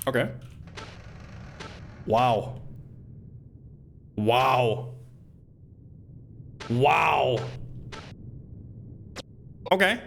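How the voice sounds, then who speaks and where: A man's voice: mid-range voice, lively intonation, measured pace, long pauses, fairly bright tone, slight background noise. A man streaming a retro game, reading the on-screen text aloud and cracking joking asides in casual commentary.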